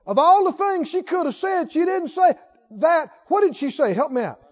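A man with a strikingly high voice delivers a sermon from the pulpit. He presses his listeners with rhetorical questions and hammers points home through repetition. His voice carries a long church reverb on a dull, muffled recording. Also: big pitch swings, moderate pace, a little hiss or hum. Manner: asks the congregation rhetorical questions, emphatic repetition. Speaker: preacher. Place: church sanctuary.

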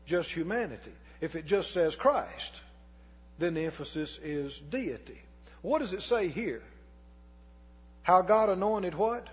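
High-voiced, husky preacher in a reverberant hall. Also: male voice. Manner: asks the congregation questions and answers them himself; reads scripture slowly and deliberately. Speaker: pastor. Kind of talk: sermon. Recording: long hall reverb, dull lo-fi sound.

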